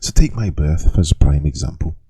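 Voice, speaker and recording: A man's voice: a bass voice, expressive, brisk, warm tone, breathy edge, exaggerated voice. A man voicing a young male kender sorcerer who tells his strange backstory in a Liverpool accent, wry and chatty. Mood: wry storytelling. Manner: wry, storytelling.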